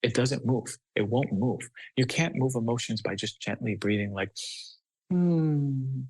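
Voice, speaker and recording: Gravelly, emphatic man. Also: medium pitch, fairly even intonation, moderate pace, no room sound, low-quality recording. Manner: emphatic, acts out children's voices. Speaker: guest doctor. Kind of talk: passionate podcast talk.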